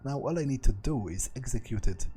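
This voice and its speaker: A man's voice: medium pitch, expressive, brisk, mellow, a little hiss or hum, rough recording. A man reading a visual novel aloud as a let's play narrator, doing every part in his own voice and stumbling over words now and then. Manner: reads every part in his own voice, with small slips and restarts.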